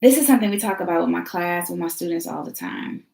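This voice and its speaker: A woman's voice: fairly low pitch, lively intonation, fast, gravelly, a little mellow. A woman teacher hosting a motivational talk, speaking in an emphatic, preachy style with repeated phrases and casual slang. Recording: roomy echo.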